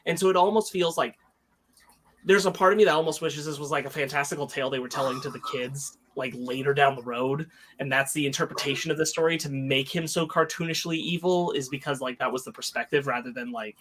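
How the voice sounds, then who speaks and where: A man's voice: medium pitch, steady tone, quick pace, fairly bright tone, a little hiss or hum. A man co-hosting a podcast, discussing a film in a loose, rambling way with lots of fillers. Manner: rambling, many fillers and restarts. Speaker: podcast co-host.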